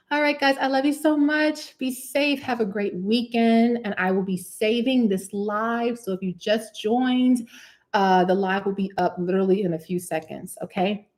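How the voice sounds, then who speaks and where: A woman's voice: on the high side, darkish tone. A young woman, a cosmetic chemist, chatting casually on a livestream Q&A, reading out comments, repeating herself and laughing often. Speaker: cosmetic chemist hosting a live Q&A.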